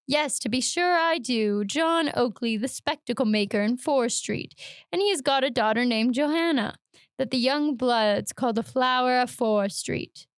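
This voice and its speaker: Brief: sinister, oily barber, slow and wheedling, breaks into shrill outbursts, read aloud with a dry close sound, a woman doing the voice. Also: clear, resonant tone, no room sound.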